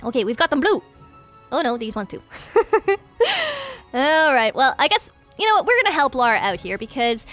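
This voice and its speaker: A woman hosting a game playthrough, commentating in a bubbly, excitable, giggly way. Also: a little high. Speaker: gaming video host.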